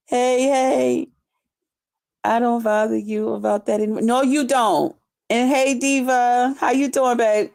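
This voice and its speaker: Her voice sits on the high side, steady and a little mellow with vocal fry, as she slowly drawls through an unscripted live stream. The host reads comments aloud, chats loosely, swears freely, and often breaks into laughter between remarks.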